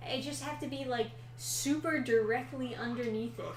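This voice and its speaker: A woman's voice: sits high, moderate pace. A woman playing a video game and chatting casually, blunt and swearing when the game frustrates her. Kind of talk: casual gameplay chat. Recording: roomy sound with faint hum.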